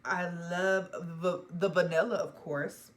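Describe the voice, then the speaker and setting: A young woman reviewing fragrances in casual chat to camera, emphatic and playful, dropping into hushed asides now and then. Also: lowish voice, fairly even intonation, a little slow. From Georgia, US.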